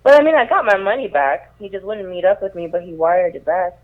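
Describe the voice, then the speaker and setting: A woman's voice: mid-range voice, expressive, a little fast. A woman calling in to a radio show, chatty and laughing now and then as she tells her story. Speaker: call-in guest. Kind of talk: phone-in chat. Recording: dull lo-fi phone call.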